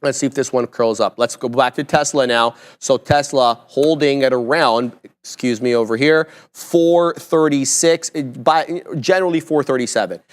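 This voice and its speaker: A man hosting a live trading stream, talking through his trades and chart levels in brisk, self-mocking banter. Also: mid-range voice. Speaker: live trading show host. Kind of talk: live market commentary.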